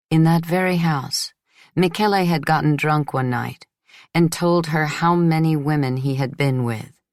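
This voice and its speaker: A woman reading a first-person novel as an audiobook in a measured, steady way. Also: low-pitched, dry recording, studio quality. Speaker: audiobook narrator. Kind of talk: first-person literary narration.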